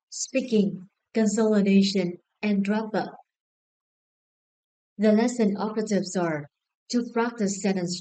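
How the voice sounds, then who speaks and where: A woman with a Vietnamese accent teaching an English lesson, slow and deliberate, spelling out each word and syllable. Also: medium pitch, warm tone, poor audio. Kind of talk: scripted lesson narration.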